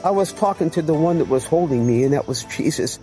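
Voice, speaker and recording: A man's voice: fairly high pitch, lively intonation, fairly quick, warm tone, faint music behind, poor audio. An older man earnestly telling his personal faith testimony in an emotional storytelling way. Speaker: testimony speaker.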